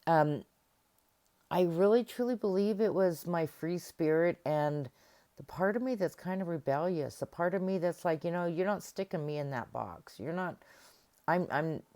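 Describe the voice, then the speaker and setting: In a lowish, dark-toned voice at normal speed, a middle-aged woman gives a casual self-help talk to camera. She stays conversational and acts out remembered conversations.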